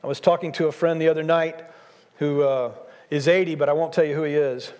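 A man in his sixties preaching a sermon, his voice riding high for a man and pressing hard on each point he repeats. The sound rolls out into a large church hall with a long, lingering reverb. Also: steady tone, brisk, a little mellow. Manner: emphatic preaching, repeats key phrases. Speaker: pastor.

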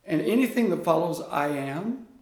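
A man guest in an interview, a coach speaking in an earnest, animated storytelling way. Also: on the high side, normal speed. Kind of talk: conversational interview. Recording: echoey room.

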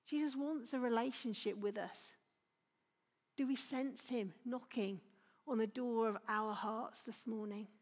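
A woman's voice: on the high side, unhurried. A woman giving an earnest, exhorting response after a sermon in a church. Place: church hall. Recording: reverberant church hall.

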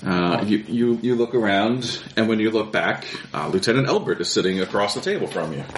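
A man narrating a tabletop game as game master, relaxed and halting, with many fillers. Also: fairly low pitch, roomy sound, a little hiss or hum.

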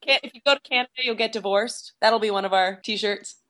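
A woman's voice: medium pitch, brisk, bright, forceful tone. A woman guest on a podcast over a remote call, chatting playfully and laughing at herself. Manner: playful, giggly, self-deprecating. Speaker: podcast guest, YouTube creator. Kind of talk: casual chat.

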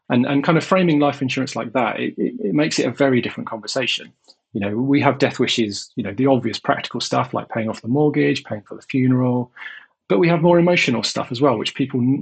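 Gravelly husky man explaining earnestly. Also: mid-range voice, rough recording. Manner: earnest, measured, explaining at length. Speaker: guest, life insurance company representative. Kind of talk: interview answers.

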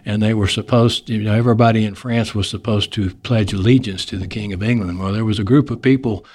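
A man's voice: fairly low pitch, fairly even intonation, fast, darkish tone. A man with a Texas accent hosting a podcast, chatting in a folksy, joking way and laughing often. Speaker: podcast host. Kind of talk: casual interview chat.

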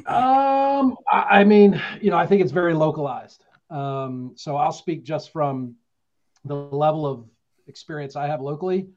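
A man on a real estate panel who argues in an animated, combative way. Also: on the high side, a little slow, dull audio. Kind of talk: panel debate.

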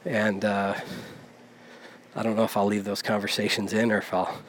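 Relaxed man rambling on a walk. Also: lowish voice, moderate pace, slight background noise. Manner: relaxed, rambling, with many fillers and self-corrections. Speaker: podcast host. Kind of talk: casual spoken monologue. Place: outdoors, on a walk down a village street. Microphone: handheld recorder.

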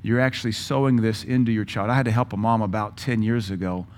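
A man's voice: lowish voice, steady tone, fast talker, darkish tone. Emphatic male preacher. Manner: emphatic, punchy lists of words. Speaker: pastor. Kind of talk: sermon.

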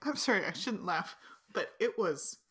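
A woman's voice: mid-range voice, lively intonation, normal speed, fairly bright tone, breathy edge. A woman co-hosting a podcast, giving wry, amused commentary on a TV episode. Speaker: podcast co-host. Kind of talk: casual chat recapping a TV episode.

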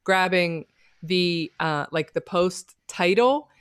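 A woman's voice: fairly low pitch, takes it slowly, clear, resonant tone, no echo, studio quality. A woman co-hosting a casual technical chat on a video call, talking enthusiastically and piling up examples with lots of fillers. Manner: chatty, enthusiastic, piles on examples with many fillers.

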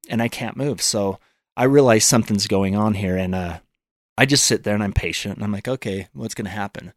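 A man's voice: fairly low pitch, brisk, no echo, studio quality. A man telling a personal story as a podcast guest, earnest, acting out his own thoughts in quotes.

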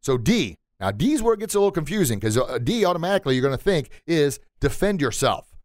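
Lively man teaching like a martial arts coach. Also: fairly high pitch, fast talker, dry recording, clean studio sound. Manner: animated, acts out quotes and sounds, laughs at himself. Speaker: martial arts instructor and podcast host. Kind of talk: motivational podcast talk.

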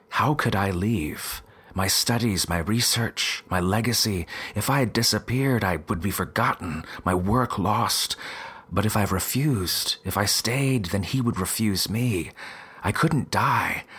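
A man narrating a first-person story in a measured, dramatic way with a husky voice. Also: lowish voice, a bit bright.

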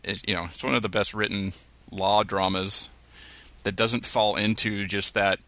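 Man, podcast co-host, low voice, bright tone, dry sound, rambling, filler-heavy. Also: flat delivery, moderate pace, dry recording. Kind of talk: casual chat.

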